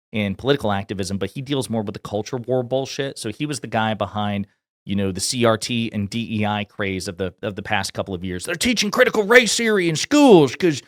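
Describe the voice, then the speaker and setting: A man's voice: lowish voice, no room sound, studio quality. A man from Kentucky giving casual political commentary in a blunt, sarcastic, profane way.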